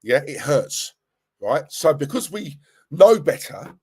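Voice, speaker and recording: A young man hosting a live stream, chatting casually, reading viewer comments and reacting with animated, rambling restarts. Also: slow pace, breathy edge. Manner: animated, rambling, restarts and laughs, pitch jumping when worked up. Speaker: fan channel live-stream host.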